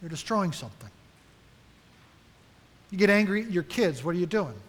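Male pastor, high voice, earnest sermon with questions to the flock, reverberant church hall. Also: animated, normal speed, a bit bright. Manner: earnest, direct, asks the congregation questions.

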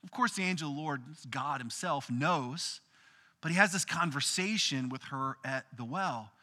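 A man preaching in a casual, storytelling way, retelling an old story in everyday words and acting out the characters' lines. His voice sits high and sounds very bright and sharp. Long reverb trails behind his words. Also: moderate pace. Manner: casual, animated storytelling with acted quotes. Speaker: pastor. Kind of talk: sermon retelling a Bible story.

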